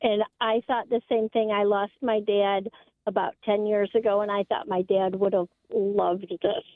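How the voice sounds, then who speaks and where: A woman's voice: medium pitch, flat delivery, moderate pace, no echo. Caller: earnest woman from Michigan on a tinny, dry phone line. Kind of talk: call-in radio chat.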